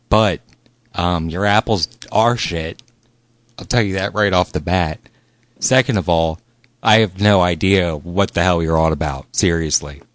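A man's voice: deep voice, no echo. A man making a prank call who talks bluntly and mockingly, with a lot of profanity. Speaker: prank caller.

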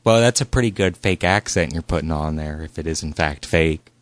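A man's voice: a bass voice, a little fast, dry recording. A man making a prank call who talks bluntly and mockingly, with a lot of profanity. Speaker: prank caller.

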